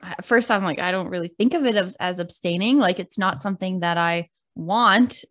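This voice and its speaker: A young Canadian woman with a Canadian accent, co-hosting a podcast and telling a dating story in casual chat, lively and laughing often as she acts out what people said. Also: fairly low pitch, normal speed. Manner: animated, laughs often, acts out quoted voices. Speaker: podcast co-host.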